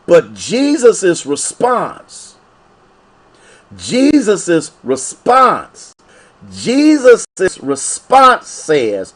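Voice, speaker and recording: A male pastor from Ohio preaching a sermon, repeating phrases in call-and-response fashion. His voice leaps widely up and down and sits slightly high for a man. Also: sing-song, slow.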